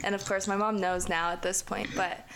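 A woman's voice: mid-range voice, flat delivery, moderate pace, fairly bright tone, slight background noise. Young woman telling a slangy story. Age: young adult. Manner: slangy, profane, lots of "like" and "dude". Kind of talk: casual storytelling.

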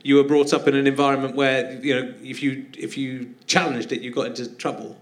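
A male podcast host talks in a chatty, earnest way and works through his ideas as he goes. His voice sits at a middling male pitch with a conversational, reflective delivery. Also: little pitch movement, brisk.

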